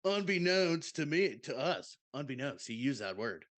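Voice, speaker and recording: A man's voice: medium pitch, sing-song, moderate pace, fairly bright tone. Guy putting on a chill surfer bro voice, drawly, dude this dude that. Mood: laid-back. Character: laid-back surfer-dude military man telling a party story. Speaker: podcast co-host reading a listener submission.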